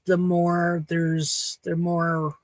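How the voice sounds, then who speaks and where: A woman from Saskatchewan, Canada, hosts a casual livestream chat to a live audience from home, rambling and frank. Her throat is slightly hoarse after choking, and she speaks with a fairly low pitch, flat delivery and drawn-out words in a dry recording.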